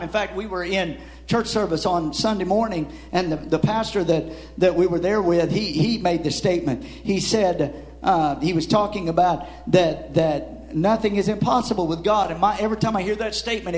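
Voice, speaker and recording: High-pitched preaching man. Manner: rising and dropping emphasis, repeats words, frequent "Amen". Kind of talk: sermon.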